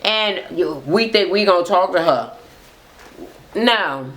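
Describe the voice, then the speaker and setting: A woman's voice: lowish voice, lively intonation, slow, fairly bright tone. A woman giving a blunt, heated, swear-heavy recap of a reality show to her camera. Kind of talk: profane ranting recap. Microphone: camera mic facing speaker.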